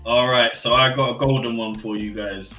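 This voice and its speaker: A man's voice: mid-range voice, fairly even intonation, normal speed, bright, forceful tone, soft background music. A man chatting casually and upbeat as a co-host. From London. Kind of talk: casual chat. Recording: echoey room, far from mic.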